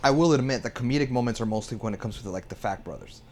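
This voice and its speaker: A man co-hosting a podcast, giving relaxed, slangy opinions about a TV show. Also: medium pitch, very fast, slight background noise. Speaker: podcast co-host.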